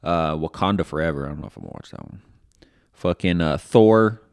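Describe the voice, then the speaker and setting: Low-voiced man rambling in casual chat. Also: fairly quick, a little mellow, clean tone, no echo, clean studio sound. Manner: rambling, profane, full of fillers and restarts. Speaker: podcast co-host.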